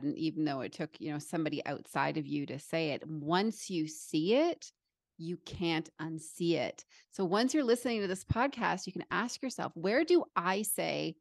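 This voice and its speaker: A woman's voice: low voice, gravelly, dry recording. A woman hosting a podcast, affirming and enthusiastic as she talks with her guest. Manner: warm-hearted, enthusiastic, affirming. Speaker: podcast host. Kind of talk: conversational interview.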